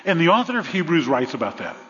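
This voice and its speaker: A man's voice: a little high, very animated, quick pace, a bit bright. A man preaching a sermon as pastor, earnest and fond of repeating phrases in threes. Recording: long reverb, dull lo-fi sound.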